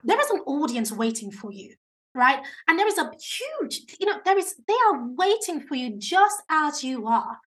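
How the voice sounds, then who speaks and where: High-pitched woman, chatty natural talker, coaching people on speaking. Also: moderate pace. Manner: animated, chatty, self-described natural talker. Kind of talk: conversational interview advice.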